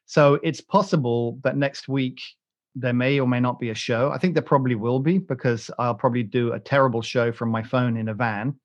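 A man's voice: medium pitch, brisk, dull audio. Rambling, joking British man. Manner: rambling, joking, many restarts and fillers. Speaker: podcast host. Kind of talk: casual chat.

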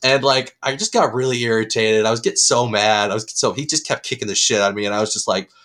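A man co-hosting a podcast, telling a long embarrassing story with lots of swearing, his voice jumping up when he gets excited. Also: fairly low pitch, fast. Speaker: podcast co-host. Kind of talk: casual chat.

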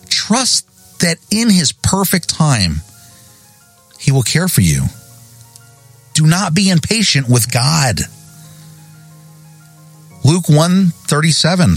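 A man's voice: a little high, no room sound. A man hosting a devotional podcast sermon, reading verses and pressing listeners with pointed, repeated questions. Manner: emphatic, repeats key phrases. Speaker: podcast host.

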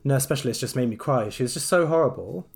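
A man co-hosting a casual podcast, talking in an animated way and slipping into mocking quoted voices. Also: mid-range voice, quick pace, creaky. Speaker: podcast co-host, doctor.

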